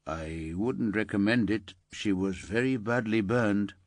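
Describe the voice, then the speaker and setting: A man playing a weary police inspector who speaks in a measured, subdued way, in an audiobook. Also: fairly low pitch, dry recording. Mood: subdued gentle. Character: weary male police inspector, careful and gentle.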